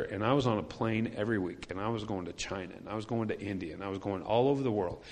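Storytelling male preacher in a reverberant church. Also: fairly low pitch. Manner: conversational storytelling preaching with emphatic repetition. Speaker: pastor. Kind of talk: sermon. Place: church sanctuary. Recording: long church hall reverb.

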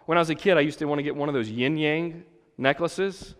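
A male pastor with a slightly high voice delivers a chatty, humorous sermon. He keeps asking the audience "right?". His voice rings out in a big church hall with a long reverb tail. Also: brisk. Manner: conversational and joking, frequent checks with the audience. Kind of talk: sermon with personal stories.

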